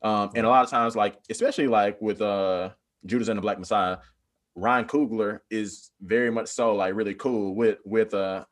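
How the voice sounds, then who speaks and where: A man's voice: on the low side, steady tone, moderate pace. A man in casual podcast discussion, rambling with many "like" fillers and bursts of animation.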